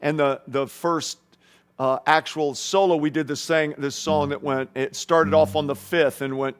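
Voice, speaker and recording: A man's voice: on the high side, steady tone, normal speed. A man, a guest guitarist, rambling through anecdotes in a casual interview and acting out voices and guitar sounds.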